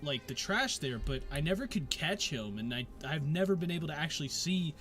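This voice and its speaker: Animated, rambling game master man. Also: fairly high pitch, brisk, soft background music. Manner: rambling, full of "like" fillers and laughs. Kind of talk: narrating a tabletop game.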